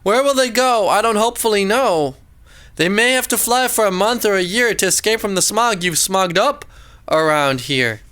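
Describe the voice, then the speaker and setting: Storybook creature: a man playing a fussy old Lorax, high and sharp, scolding with snuffly coughs. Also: lively intonation, moderate pace. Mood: worried.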